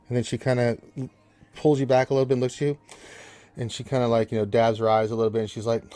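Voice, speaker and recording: Male game master, low mellow voice, casual rambling narration, faint music under. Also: fairly even intonation, fast talker. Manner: loose, conversational narration with fillers.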